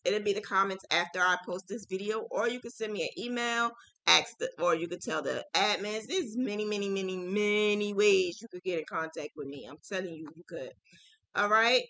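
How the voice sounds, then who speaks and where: A woman chatting to her viewers about crochet, chatty and excitable, often saying "like" and "oh my God". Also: medium pitch, dry recording, rough recording. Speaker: crochet vlogger. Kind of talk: casual chat to viewers.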